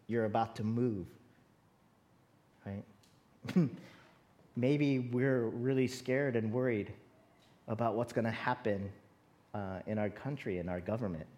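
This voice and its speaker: A woman's voice: extremely low pitch, a little mellow. A woman pastor giving a sermon in an earnest, conversational way, calling out to her congregation. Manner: earnest, conversational preaching with direct appeals to the congregation.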